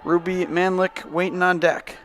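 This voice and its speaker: A young man from the calling a high school softball game as the play-by-play announcer, brisk and rising sharply on big plays. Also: little pitch movement, slight background noise.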